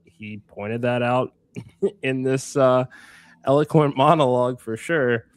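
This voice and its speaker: A man's voice: mid-range voice, slow pace, clean tone, dry recording. Podcast guy co-hosting, chatty and hyped, swears a bit, dry close mic. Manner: energetic, swears casually, many fillers. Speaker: podcast co-host. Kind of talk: casual podcast chat.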